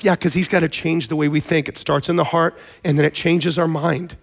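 A man preaching a sermon in a conversational, storytelling way, with animated emphasis. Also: fairly high pitch, fairly quick, creaky. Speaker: pastor.

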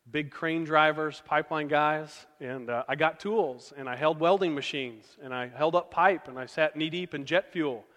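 Folksy pastor in a big hall. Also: male voice, fairly high pitch, fairly bright tone. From Oklahoma. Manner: folksy, conversational storytelling. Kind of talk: storytelling sermon. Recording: long reverb of a large hall.

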